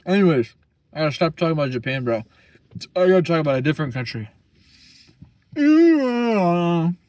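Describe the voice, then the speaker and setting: A man's voice: on the high side, very fast, a little mellow, no room sound. A young man talking casually as a vlogger, rambling and profane, full of slang. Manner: slangy, profane, rambling, keeps saying bro.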